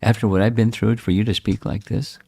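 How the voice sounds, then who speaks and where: Sita, an indignant wronged queen, read by a male speaker with a low voice. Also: flat delivery, a little fast, gravelly, warm tone. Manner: pleading, reproachful questions.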